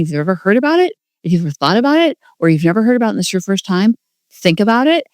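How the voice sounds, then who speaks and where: A woman's voice: lowish voice, no echo, studio quality. A woman in her forties hosting a podcast, talking in a casual, rambling, gushing way and filling her speech with "like.". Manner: rambling and gushing, heavy use of "like". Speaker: podcast host. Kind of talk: casual solo podcast monologue.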